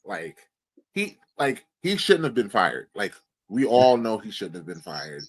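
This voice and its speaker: A man's voice: lowish voice, huge pitch swings, unhurried. A man co-hosting a sports podcast, chatting casually and pressing his opinions by repeating them. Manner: insistent, keeps repeating his point. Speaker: podcast co-host.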